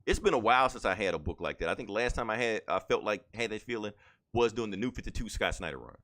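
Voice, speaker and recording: A man's voice: lowish voice, expressive, fast, a bit bright. A man casually recapping a comic book on a podcast, rambling with lots of fillers and quoted lines.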